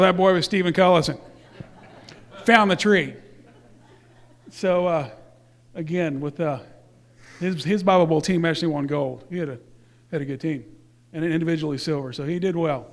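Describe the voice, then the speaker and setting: A man speaking casually to a church congregation, presenting youth awards in a rambling way with fillers and self-corrections. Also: high-pitched.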